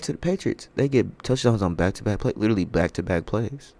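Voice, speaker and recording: A young man hosting a casual sports podcast on his own, talking in a loose, profane way that swings between loud outbursts and low muttering. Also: expressive, fairly quick, few pauses. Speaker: podcast host. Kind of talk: casual sports talk monologue.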